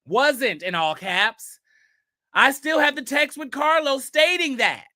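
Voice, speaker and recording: A bright, high-pitched man hosts a casual gossip segment in a sing-song, slightly slow delivery. He reads posts aloud and retorts with sassy, emphatic rhetorical questions, his tone staying sharp and pointed.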